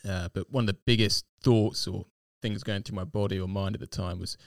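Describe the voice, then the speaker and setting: Gravelly low-voiced man sharing his testimony. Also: fairly even intonation, dry recording, studio quality. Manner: reflective, unhurried, with frequent fillers. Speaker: interview guest. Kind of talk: personal testimony in conversation.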